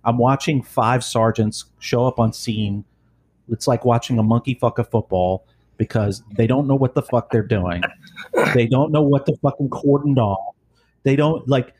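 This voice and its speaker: A former police supervisor chatting casually, telling blunt, profane, rambling stories. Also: male voice, mid-range voice, normal speed, a little mellow, slightly rough. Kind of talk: casual storytelling chat.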